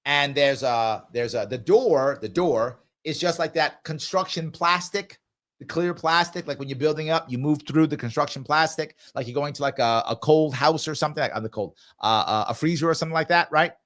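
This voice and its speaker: A man's voice: on the high side, normal speed, a bit bright. A man hosting a live ask-me-anything show, answering viewer comments and telling a travel story in an emphatic, conversational way. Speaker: livestream show host.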